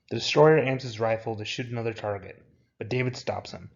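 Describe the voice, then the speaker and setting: A young man reading out his own script with its stage directions, in a plain, even way. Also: fairly low pitch, brisk, lo-fi sound.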